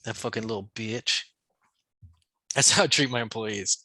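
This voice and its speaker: A man's voice: fairly low pitch, moderate pace, sharp tone, no echo. A man co-hosting a podcast, trading crude, joking banter and slipping into mock voices. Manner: profane, jokey, slips into mock voices. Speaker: podcast co-host.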